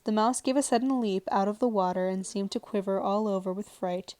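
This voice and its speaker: A woman narrating a storybook aloud in a calm, even read-aloud manner. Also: medium pitch, a little fast, no room sound. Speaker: audiobook narrator. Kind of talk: storybook reading. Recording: dry home recording. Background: faint television sound.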